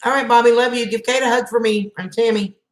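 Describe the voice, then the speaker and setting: A woman's voice: on the high side, steady tone, fast. Lady on a live stream chatting with her viewers by name, kinda echoey room. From Southern United States. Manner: chatty, greets viewers by name, laughs often. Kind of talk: casual chat with live chat viewers.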